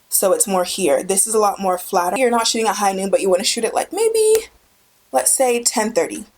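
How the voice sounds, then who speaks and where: Chatty young woman teaching photography. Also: mid-range voice. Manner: chatty, enthusiastic, emphatic repetition. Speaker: photography tutorial host. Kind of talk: casual instructional vlog. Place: indoors with a studio light. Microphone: camera mic, speaker on camera.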